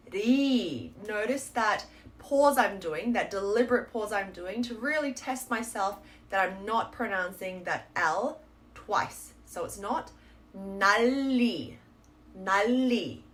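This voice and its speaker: A woman's voice: mid-range voice, expressive, fairly bright tone. Patient woman teaching pronunciation. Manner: clear, patient explaining with slow model words. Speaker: Korean language teacher. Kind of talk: pronunciation lesson.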